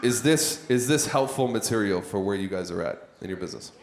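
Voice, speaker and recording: Animated and a little fast, a man with a fairly low voice addresses a roomful of people at a live content-creation workshop. The echoey recording captures his conversational style as he puts questions to the crowd.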